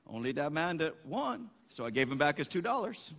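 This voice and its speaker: A man's voice: a little high, big pitch swings, moderate pace, vocal fry, fairly bright tone, slight background noise, voice pushed down, full character voice. A preacher voicing a cunning, cheerful Cajun man in a joke, with an attempted Cajun drawl. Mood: sly. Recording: echoey hall.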